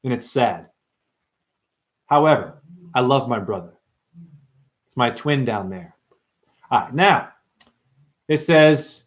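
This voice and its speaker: A man hosting a rambling livestream, talking brashly to his chat. He swears, calls viewers "honey" and "dumbass", and jumps between topics in quick asides. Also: medium pitch, lively intonation. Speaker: livestream host.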